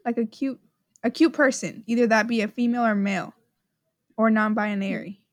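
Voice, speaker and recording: A young woman co-hosts a podcast, chatting casually in a rambling, giggly way with heavy use of "like." Her voice sits on the high side with fairly even intonation and a brisk pace, recorded in studio quality with no echo.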